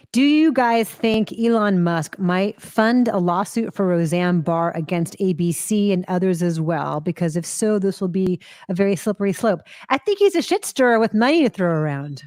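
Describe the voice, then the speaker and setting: A woman's voice: mid-range voice, expressive, normal speed, darkish tone, dry recording, studio quality. A woman co-hosting a movie news livestream, talking frankly and reading viewer questions aloud. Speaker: co-host and film critic reading viewer comments. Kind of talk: casual chat.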